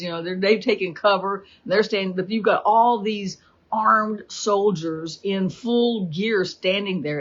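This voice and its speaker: A woman teaching a Bible study, retelling the story with animated energy and acting out the quotes. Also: mid-range voice, breathy edge. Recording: dull lo-fi recording.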